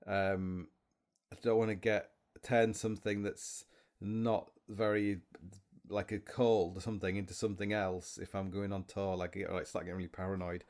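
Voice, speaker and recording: A man's voice: on the low side, darkish tone. A man hosting a podcast alone, rambling through stories with many restarts and self-mocking asides. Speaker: podcast host. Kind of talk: rambling solo chat.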